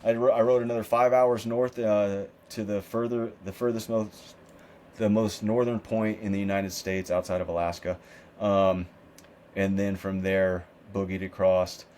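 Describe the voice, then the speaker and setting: A man's voice: lowish voice, level tone, moderate pace, darkish tone, slight background noise. A man guesting on a podcast, telling stories in a loose, profane, casual way and acting out what other people said. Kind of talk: casual storytelling interview.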